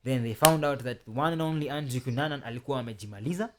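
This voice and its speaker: A man with a Kenyan accent telling a story to his viewers in an animated, chatty way, speaking straight to his audience. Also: mid-range voice, very fast, noisy background. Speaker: storytelling channel host.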